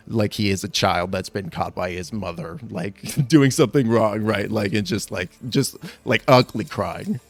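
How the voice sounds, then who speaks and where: A man's voice: lowish voice, dry recording. A man narrating as game master of a tabletop game, rambling with many ums and likes.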